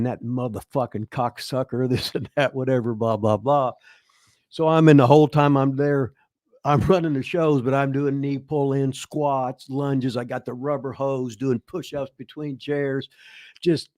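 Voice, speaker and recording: A man's voice: medium pitch, darkish tone, no echo. Older male host, salty storyteller, dry close sound. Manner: profane, rambling, laughs through his stories. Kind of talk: casual storytelling.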